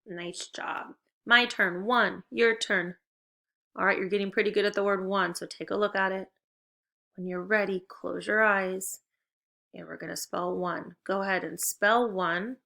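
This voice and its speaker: Woman teacher for a kids' video lesson: mid-pitched, encouraging, spells out words slowly. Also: steady tone, bright, forceful tone. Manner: encouraging, clearly paced instructions; stretches out target words slowly. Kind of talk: recorded video lesson for children.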